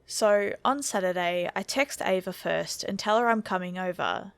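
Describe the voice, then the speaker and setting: Woman with a gravelly, close, dry voice. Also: medium pitch, normal speed, dry recording. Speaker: story narrator. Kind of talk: scripted horror story narration.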